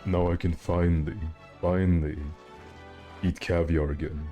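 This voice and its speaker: Male game streamer, deep voice, mellow tone, joking and self-mocking, rambling casual chat, faint music behind. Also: little pitch movement, unhurried.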